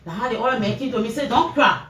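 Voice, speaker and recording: Racing through her words, a Liberian English-accented mother gives the press an emotional account of what happened to her son. She acts out what people shouted, her voice leaping up and down animatedly. The sound is roomy and distant, with faint noise in the background.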